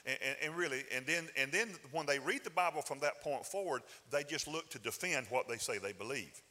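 Preacher guy, folksy sermon talk, bright punchy voice, big hall echo. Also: mid-range voice, lively intonation, a little fast. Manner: conversational, folksy preaching with rising emphatic bursts. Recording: hall reverb.

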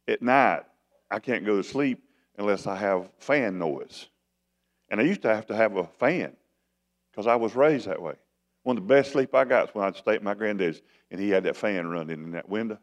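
A man's voice: fairly low pitch, normal speed. A man preaching a sermon as pastor, in a folksy, conversational way that keeps asking the congregation questions.

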